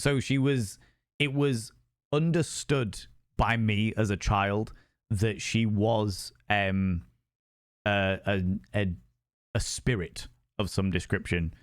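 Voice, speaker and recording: A man's voice: lowish voice, no room sound, clean studio sound. A man telling a ghost story on a live stream, sweary and rambling.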